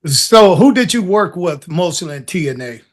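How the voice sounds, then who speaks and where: A man's voice: sits high, animated, moderate pace. An older man co-hosting a podcast, who asks easygoing follow-up questions and often repeats his words. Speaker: podcast co-host. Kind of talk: casual interview chat.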